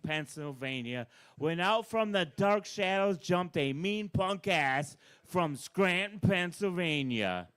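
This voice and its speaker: A man doing live stand-up at an open mic, bossing an audience volunteer around with playful, deadpan asides. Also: sits high, smooth. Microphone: handheld stage mic.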